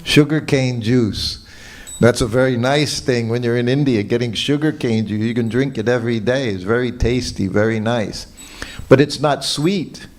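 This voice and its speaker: Speaking at medium pitch and a moderate pace, an older man gives a morning temple lecture built on anecdotes. In the temple hall he reminisces about his own experiences with an easy chuckle.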